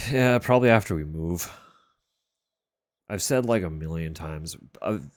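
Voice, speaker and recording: A man chats on his live stream from a room at home, keeping his very deep voice level and quiet. He talks slowly and loosely and swears in passing. The sound is dry and close, with no room echo. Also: lively intonation. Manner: keeps voice level and low, swears casually. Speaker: livestreamer. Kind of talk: casual chat on a live stream. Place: room at home sharing a wall with a neighbor's bedroom.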